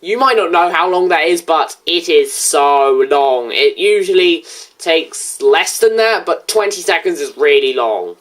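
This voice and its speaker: A woman giving casual commentary over a reaction video, blunt and sarcastic, quick to correct others. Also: on the low side, animated.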